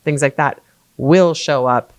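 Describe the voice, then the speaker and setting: A woman real estate agent co-hosting a podcast, speaking in a reflective, measured way. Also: low voice, a little mellow, no room sound. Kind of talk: casual podcast chat.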